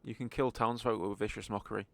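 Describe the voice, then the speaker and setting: A man's voice: on the low side, fairly even intonation, fast, creaky, fairly bright tone, no echo. A man narrating a tabletop game as game master, in a wry, joking manner.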